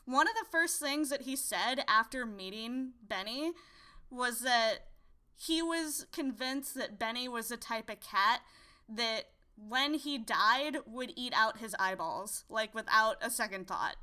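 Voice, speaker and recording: A woman's voice: a little high, expressive, unhurried, sharp tone. A young woman co-hosting a podcast, chatting casually in a rambling, giggly way with lots of "like". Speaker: podcast co-host. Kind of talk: casual chat.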